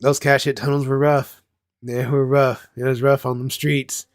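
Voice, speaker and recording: A man's voice: medium pitch, little pitch movement, moderate pace, no echo, clean studio sound. Rambling, foul-mouthed man telling stories. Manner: rambling, profane, laughs at himself. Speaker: channel host. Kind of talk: casual storytelling chat.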